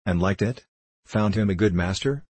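Male reader as a curt, sharp coroner in a storybook, low, dry voice. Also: normal speed, breathy edge, dry recording. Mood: stern. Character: stern, impatient male coroner at inquest.

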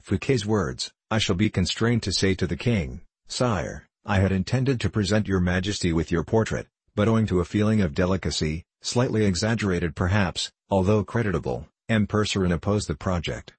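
A man reading the part of a scheming, smooth-talking bishop, calm and quietly persuasive. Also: low voice, moderate pace, hardly any pauses, dry recording. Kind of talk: audiobook character voice.

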